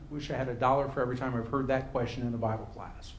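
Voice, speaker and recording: A man's voice: mid-range voice, steady tone, very fast. A man teaching a Bible class off the cuff, talking conversationally and often restarting phrases before pressing his points with rising emphasis. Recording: roomy echo.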